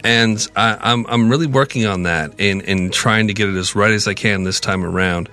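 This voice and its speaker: A man co-hosting a podcast who speaks earnestly and reflectively, often pausing and restarting his sentences. His voice sits low but has a bright, forward tone. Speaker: podcast co-host. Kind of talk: casual podcast chat.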